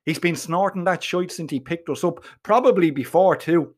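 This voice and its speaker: A man with a Dublin Irish accent voicing a wary, low-key male bandmate who speaks in quiet asides. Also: normal speed, natural voice. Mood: confiding.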